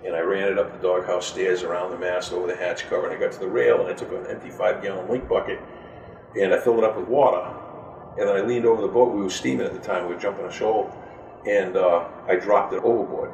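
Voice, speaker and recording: A man's voice: low voice, steady tone, fast talker, gravelly, darkish tone, roomy sound, recorded from a distance, highs cut off, slight background noise. An older man, a retired fisherman, telling a story step by step. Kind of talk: storytelling interview.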